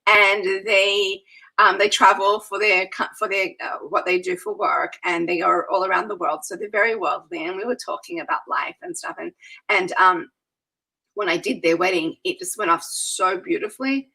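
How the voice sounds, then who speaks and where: A wedding planner recounts her events with lively, animated energy in a casual interview. Her voice is bright and forward, with a slightly husky, breathy grain. She laughs freely as she talks. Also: medium pitch, moderate pace, low-quality recording. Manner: animated storyteller, laughs often.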